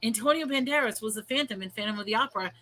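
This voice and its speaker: A woman's voice: on the high side, rapid-fire, sharp tone. A woman hosting a casual livestream chat, rambling and laughing often as she reads viewer comments aloud. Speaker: host.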